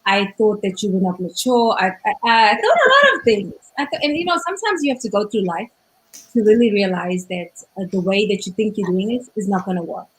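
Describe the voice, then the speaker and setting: A woman co-hosting a casual talk show over a video call, speaking English with an accent, talking fast and rolling her R's when excited. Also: mid-range voice, poor audio. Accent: non-native English accent. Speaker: co-host. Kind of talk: casual chat.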